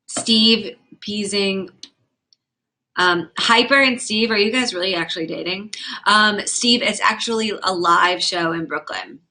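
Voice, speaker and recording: This livestream host and comedian is a young woman whose mid-range voice sounds bright and forceful. Talking fast and loosely, she swears freely, stays blunt, and responds to whatever chat throws at her.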